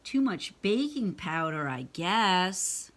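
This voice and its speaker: A woman voicing an excitable young boy frog in a read-aloud storybook, calling out loudly and eagerly. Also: on the low side, takes it slowly, full character voice. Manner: loud, eager calls.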